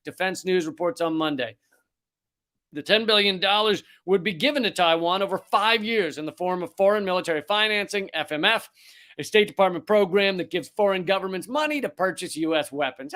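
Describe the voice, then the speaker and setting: Sarcastic high-voiced male ranter. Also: animated, a little fast, fairly bright tone. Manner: sarcastic and profane. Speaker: host. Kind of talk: comedic political rant.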